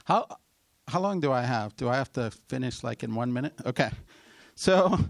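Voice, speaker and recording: Gravelly pastor telling a story. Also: male voice, mid-range voice, lively intonation, dry recording. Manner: storytelling with rising emotional peaks and quick asides. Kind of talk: sermon testimony.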